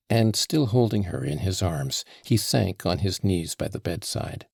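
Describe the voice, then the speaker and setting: A man reading a classic novel aloud, slow and deliberate, with a deepish, gravelly, husky voice. The sound is close and dry, with no room around it. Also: no room sound. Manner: measured, even storytelling. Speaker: audiobook narrator. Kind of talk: scripted narration.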